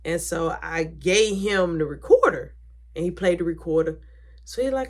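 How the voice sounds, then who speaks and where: Animated young woman telling a family story. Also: on the low side, normal speed. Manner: animated, acts out quoted voices, drops to whispers. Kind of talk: casual storytime.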